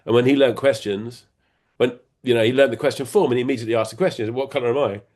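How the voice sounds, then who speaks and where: A man's voice: medium pitch, fairly even intonation, quick pace, darkish tone. A middle-aged man as an interview guest, explaining ideas in a rambling, playful way with many restarts and fillers. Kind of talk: casual conversation.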